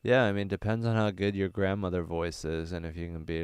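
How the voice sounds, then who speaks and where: A man's voice: deep voice, little pitch movement, brisk, few pauses, clear, resonant tone, dry recording. A young adult male comedian answering viewer questions from his van in a casual livestream, rambling earnestly with lots of fillers. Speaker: stand-up comedian. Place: small van.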